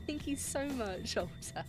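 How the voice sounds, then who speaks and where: Over music, a woman streamer with a high voice and lively intonation chats slowly while playing a dating game. She giggles, reacts loudly, and thanks viewers for gifted subs.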